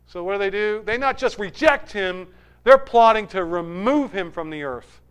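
A man preaching an emphatic sermon, swinging between forceful declarations and hushed asides. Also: sits high, lively intonation, moderate pace, smooth. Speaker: pastor.

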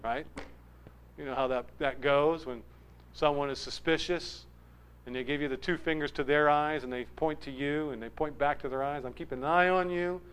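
Animated male preacher with a smooth voice. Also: moderate pace, low-quality recording. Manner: animated, swings from loud emphasis to low asides; acts out crowd voices. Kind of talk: verse-by-verse sermon.

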